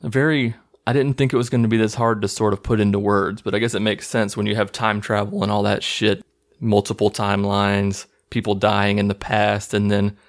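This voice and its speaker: A man's voice: lowish voice, flat delivery, fairly quick. A man hosting his own channel, casually recapping a movie in a rambling, profane, amused way. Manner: rambling, profane, laughing at scenes. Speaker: movie review host.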